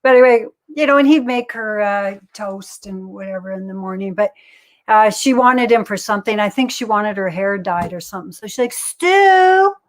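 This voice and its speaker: An older woman, a guest telling a family story in a lively, animated way. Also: medium pitch, brisk. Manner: lively, animated storyteller who acts out voices. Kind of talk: casual storytelling.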